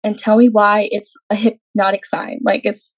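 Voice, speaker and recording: Young adult woman, podcast guest, earnest testimony, mid pitch, dry room. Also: level tone, normal speed, no room sound, low-quality recording. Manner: earnest, acts out her own quoted words, frequent "like". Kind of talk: personal testimony storytelling.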